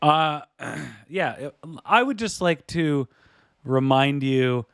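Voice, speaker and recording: A man's voice: fairly high pitch, animated, slow, fairly bright tone, clean tone, no room sound, clean studio sound. Casual male hockey podcast host. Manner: joking, reads listener plugs conversationally.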